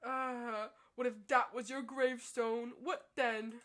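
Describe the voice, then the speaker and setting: A woman's voice: a little high, little pitch movement, slow pace, fairly bright tone. A woman voicing a cheeky, joking teenage schoolgirl who clowns through a class presentation in a video game story. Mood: teasing. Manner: playful, joking, silly voices.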